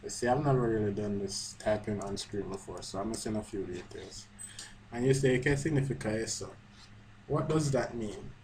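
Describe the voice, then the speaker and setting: A man with a fairly low, darkish voice gives a chatty screen-recorded language lesson at a normal pace, talking as he types and correcting himself along the way. The recording is rough, with a little hiss or hum and faint keyboard typing behind him.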